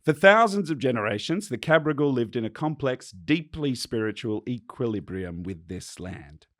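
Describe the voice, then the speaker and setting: Aussie bloke on a podcast, lively up-and-down voice, reads his notes then cracks up. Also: mid-range voice, moderate pace, dry recording, studio quality. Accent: Australian. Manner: animated, jokey, laughs mid-sentence. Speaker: podcast co-host. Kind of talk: casual chat, reading history notes.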